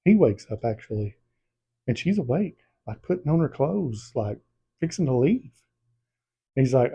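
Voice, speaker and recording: Husky dark-voiced man. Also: medium pitch, measured pace, dull audio. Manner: animated storytelling, acts out scenes. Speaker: book vlogger. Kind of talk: casual book review chat.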